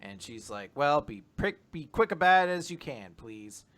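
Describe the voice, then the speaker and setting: A young man casually chatting as a podcast co-host, rambling through summaries and slipping into animated quoted voices. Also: on the high side, normal speed. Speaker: podcast co-host recapping manga. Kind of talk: casual chat.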